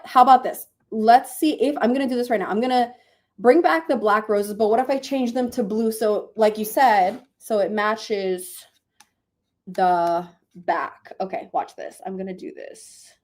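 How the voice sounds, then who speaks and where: Chatty sleepy woman streamer. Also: a little high. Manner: chatty, laughs often, thinks aloud. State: sleepy, yawning. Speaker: streamer hosting reading sprints. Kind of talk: casual live-stream chat.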